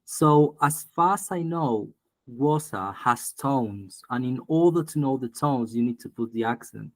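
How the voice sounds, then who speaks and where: A man asks questions in an online class, stopping often to apologize and hedge. His voice sits at a middling pitch, dry and close through the call. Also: expressive, measured pace, no echo, rough recording. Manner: apologetic, hesitant. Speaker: student. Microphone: video call.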